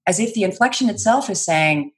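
A woman trainer in an interview, explaining clearly and articulately, often laughing lightly. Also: medium pitch, expressive, brisk. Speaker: guest, speech and credibility trainer. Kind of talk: interview answers.

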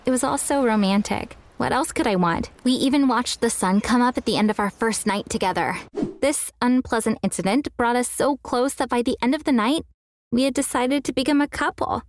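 Young woman reading her own story, kinda high voice, earnest, acts out the quotes a bit. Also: a little fast, slight background noise. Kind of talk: scripted first-person narration.

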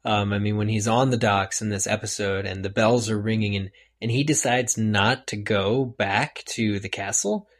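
Guy w a lowish voice chatting on a podcast, gets worked up and goes higher. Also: fairly even intonation, normal speed, few pauses. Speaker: podcast co-host. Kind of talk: casual chat.

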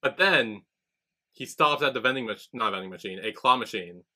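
A man co-hosting a podcast in easy, chatty recap mode. His voice is bright and forceful at an ordinary middle pitch, and he keeps breaking into quick impressions of the characters as he walks through each scene. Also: lively intonation. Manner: chatty, acts out characters' lines while retelling. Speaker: podcast co-host. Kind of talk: casual recap chat.

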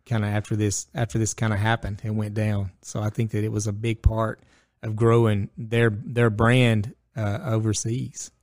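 A middle-aged man, co-hosting a casual sports chat and telling stories in a lively, slangy way. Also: on the low side, normal speed, no echo, studio quality. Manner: animated storyteller, slangy, acts out voices. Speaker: podcast co-host.

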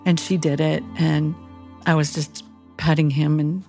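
A woman's voice: low-pitched, flat delivery, a little slow, creaky, darkish tone, faint music behind. A woman chaplain, a podcast guest, telling a story in an earnest and tender way. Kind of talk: emotional storytelling.

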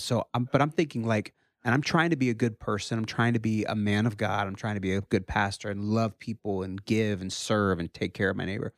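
A man in his thirties, a pastor, talks through a family story in a relaxed, chatty way. His voice jumps up animatedly whenever he quotes his young sons. The sound is close and dry. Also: no room sound. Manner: animated, rises high when quoting his kids. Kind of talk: casual storytelling chat.

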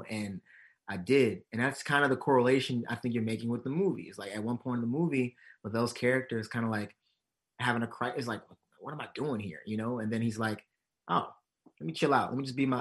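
A man's voice: medium pitch, fairly quick. A man being interviewed as an actor and comedian, telling stories with acted-out quotes and frequent laughs. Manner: animated, acts out quotes, laughs often. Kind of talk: casual interview storytelling.

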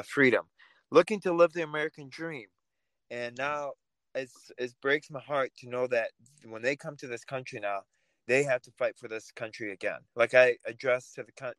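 A man who is a podcast guest, speaking passionately and getting animated, sometimes sarcastic. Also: mid-range voice, dry recording, poor audio. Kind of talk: casual talk show discussion.

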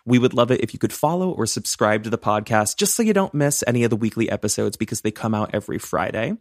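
A man's voice: mid-range voice, expressive, quick pace, no echo, studio quality. A man co-hosting a true-crime podcast, chatty and playful, laughing often. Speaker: podcast co-host.

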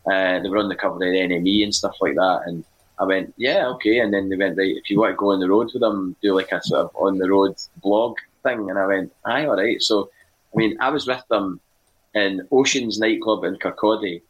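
A Scottish man with a very deep, low-pitched voice chats on a podcast. He tells long, wandering stories full of fillers and small restarts, in a relaxed conversational way. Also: a little fast, slightly rough, lo-fi sound. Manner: rambling anecdotal storytelling with many fillers. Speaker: podcast co-host and music writer. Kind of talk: casual podcast chat.

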